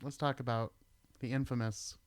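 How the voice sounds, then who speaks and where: Laid-back man with a smooth voice. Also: mid-range voice, steady tone, moderate pace, no room sound. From United States. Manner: laid-back, swears casually, tells stories. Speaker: podcast host. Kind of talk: casual chat.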